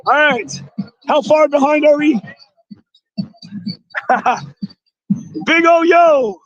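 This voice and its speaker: Excitable high-voiced man with a strained voice. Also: extremely slow, no room sound, highs cut off. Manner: excitable, exclaims often, shouts thanks. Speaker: livestreamer thanking donors. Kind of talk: excited live-stream chatter reading donations. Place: outdoors at a street rally.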